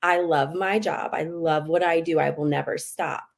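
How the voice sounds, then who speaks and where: Low, gravelly-voiced woman guest. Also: steady tone, normal speed. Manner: candid, acts out her own outbursts. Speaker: spiritual medium, guest. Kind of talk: casual livestream chat.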